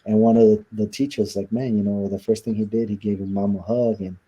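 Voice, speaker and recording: Husky man, mellow low voice, retelling his past in a sit-down interview, quoting others as he goes. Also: fairly even intonation, fast talker, muffled recording. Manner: recounts events by acting out quoted dialogue. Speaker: interview guest.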